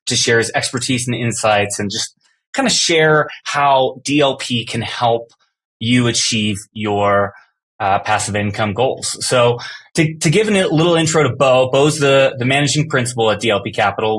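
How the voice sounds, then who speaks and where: A man's voice: medium pitch, normal speed, a bit bright. A man hosting a finance podcast, opening the episode upbeat and introducing his guest with some filler words. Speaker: podcast host.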